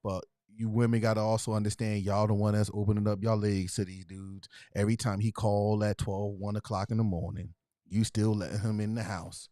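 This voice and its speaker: A man's voice: fairly low pitch, level tone, brisk, dark tone, no room sound, studio quality. A man hosting a casual talk show, asking guests questions in a laid-back way and laughing often. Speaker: podcast host. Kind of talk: casual chat.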